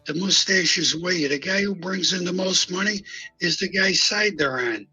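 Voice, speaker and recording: A man's voice: high voice, moderate pace, pushed and bright, slightly rough, faint music behind, poor audio. Older man telling a gritty tale. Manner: blunt, profane street storytelling with acted-out dialogue. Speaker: guest recounting mob history. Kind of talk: live-stream storytelling.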